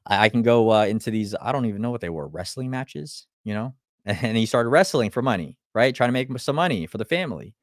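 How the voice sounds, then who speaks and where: A man's voice: mid-range voice, big pitch swings, fairly quick, no room sound, studio quality. A man giving a live motivational talk, blunt and full of swearing, firing off rhetorical questions and stumbling over restarts when he gets fired up. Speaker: motivational speaker.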